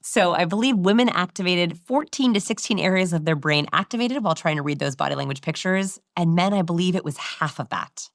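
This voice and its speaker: A woman in an interview, explaining body language in an animated, demonstrative way. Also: lowish voice, a little fast, few pauses, no room sound, studio quality. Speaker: guest expert on body language.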